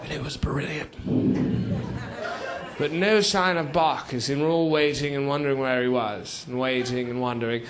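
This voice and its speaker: A man's voice: mid-range voice, fairly even intonation, moderate pace, a crowd in the background. A man on a theater stage performing a comic monologue as a rambling old British chap, padding every line with "you see" and "sort of". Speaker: stand-up comedian performing a character monologue. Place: theater stage before a live audience. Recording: noisy live theater recording.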